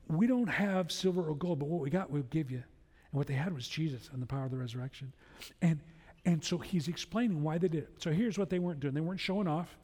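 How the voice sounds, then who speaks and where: Pastor, male, slightly high voice, chatty storytelling sermon, long hall reverb. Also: a little mellow. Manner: conversational storytelling with frequent restarts.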